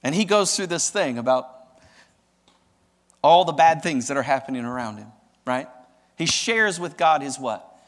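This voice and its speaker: A male pastor preaching a sermon in an animated, dramatic way, often asking the audience questions. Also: fairly high pitch, normal speed, pauses often, big-room sound.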